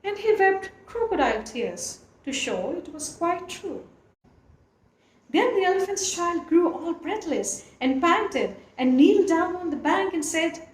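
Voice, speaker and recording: A woman reads a storybook aloud with a high, lilting voice that swoops expressively. Her telling is animated and lively. The recording has a roomy echo and a faint background hiss. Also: unhurried. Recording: echoey room, faint noise.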